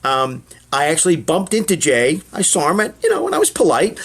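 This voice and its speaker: A middle-aged man tells show-business stories in a rambling, chatty way. His voice sits a bit high and swings animatedly. Fillers and asides pile up as he talks. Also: wildly swooping pitch, a little fast, a bit bright, breathy edge. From Boston. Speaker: comedian and guest. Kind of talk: casual interview storytelling.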